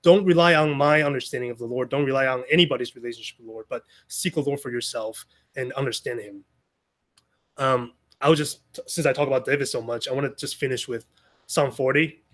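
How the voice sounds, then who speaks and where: A man with a mid-range, fairly bright voice talks fairly quickly with fairly even intonation. He's sharing an informal Sunday message with a small gathering, speaking conversationally with many restarts and asides.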